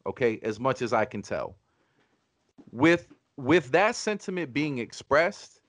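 A man's voice: medium pitch, big pitch swings, measured pace, dry recording. A man hosting a podcast, arguing his point in an emphatic, profane, combative way. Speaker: podcast host. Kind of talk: casual podcast debate.

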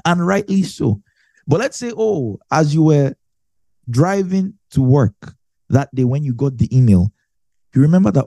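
Male Bible teacher, mellow tone, dry sound, talks it through with everyday examples. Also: on the high side, expressive, moderate pace, long pauses, dry recording. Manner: explains with everyday examples, repeats phrases for emphasis.

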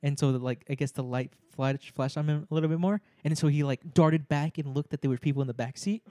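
A man's voice: a little high, fairly even intonation, quick pace, dark tone, dry recording. A young man telling a story in casual chat among friends, laughing often and acting out the people he quotes.

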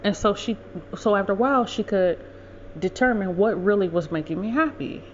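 A woman's voice: medium pitch, a little fast, slight background noise. Woman podcaster with a mid-range voice, rambling and casual, dull lo-fi recording. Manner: rambling, self-correcting, conversational. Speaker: podcast host. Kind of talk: casual storytelling monologue.

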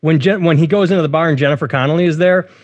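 A man's voice: fairly high pitch, racing, highs cut off. Blunt opinionated man, podcast co-host. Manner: blunt, opinionated, mimics others in silly voices. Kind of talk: casual chat.

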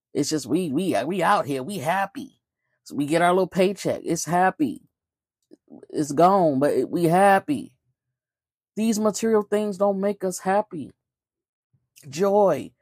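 A woman's voice: lowish voice, darkish tone, breathy edge, no room sound, clean studio sound. A woman hosting a casual spiritual talk, emphatic and preachy, often firing off rhetorical questions.

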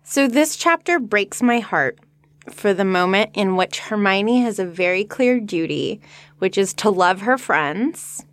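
A woman's voice: medium pitch, expressive, measured pace. A woman co-hosting a podcast, talking in an earnest, reflective way in casual conversational discussion. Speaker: podcast co-host.

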